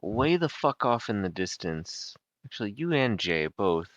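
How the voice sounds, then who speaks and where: A man's voice: on the low side, sing-song, measured pace, hardly any pauses, a bit bright, dry recording, lo-fi sound. A man narrating a tabletop game as dungeon master, laid-back with filler ums.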